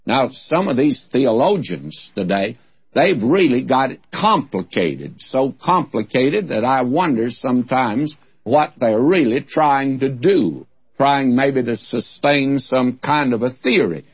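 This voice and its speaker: A man's voice: medium pitch, lively intonation, takes it slowly, slightly rough, no room sound. A man preaching a Bible teaching sermon, telling stories in a folksy, conversational way, on a dull lo-fi recording.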